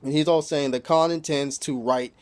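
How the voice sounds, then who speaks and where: A man's voice: on the high side, fairly even intonation, moderate pace. A man casually recapping a TV episode in loose, profane talk, filling his sentences with "you know" and chuckling as he retells scenes. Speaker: TV episode reviewer.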